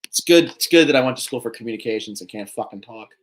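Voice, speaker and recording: A man co-hosting a wrestling watch-along, commenting casually and breaking into loud excited exclamations. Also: mid-range voice, fast talker.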